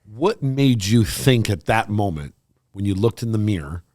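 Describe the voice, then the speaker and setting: A man's voice: on the low side, animated, normal speed, darkish tone, no room sound, studio quality. A man co-hosting a podcast, asking questions and chiming in with short remarks. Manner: brief agreeing interjections. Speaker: podcast co-host. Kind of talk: casual podcast chat.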